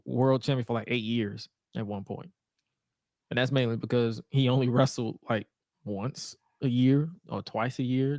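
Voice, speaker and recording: Here a man with a mid-range, slightly mellow voice co-hosts a podcast, casually going over old wrestling shows with jokes and profanity in a laid-back tone. The recording is clean studio sound with no echo.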